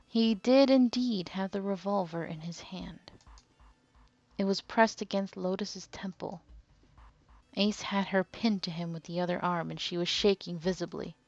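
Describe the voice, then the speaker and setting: A woman hosting a let's play, reading the game's text aloud in a measured way with lively asides, on a dull, dry recording. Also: medium pitch, dry recording.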